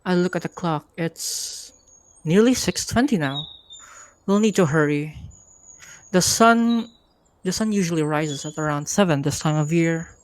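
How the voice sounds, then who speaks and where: A woman hosting a live reading night and narrating a first-person story in a steady, easygoing way. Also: low-pitched, unhurried. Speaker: host and narrator.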